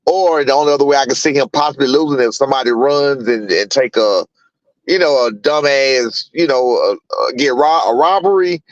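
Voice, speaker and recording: A man's voice: mid-range voice, no room sound, dull audio. A middle-aged man, a boxing trainer, talking bluntly in a casual interview, repeating himself and swearing freely.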